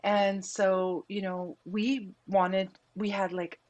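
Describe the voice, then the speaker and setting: A woman on a podcast telling a story with earnest, animated delivery. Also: mid-range voice, takes it slowly, muffled recording. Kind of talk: podcast conversation.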